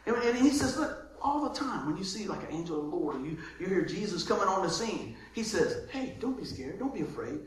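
A man preaching a sermon as pastor, lively, moving between loud calls and soft asides. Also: high-pitched, a little fast, few pauses. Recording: very echoey room with faint noise.

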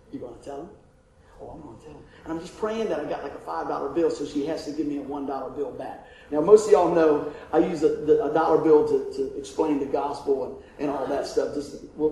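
A man telling a folksy, animated testimony story as a preacher, often laughing and acting out the voices in his story. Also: on the high side. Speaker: evangelist preacher. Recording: heavily echoing hall with faint ambient noise.

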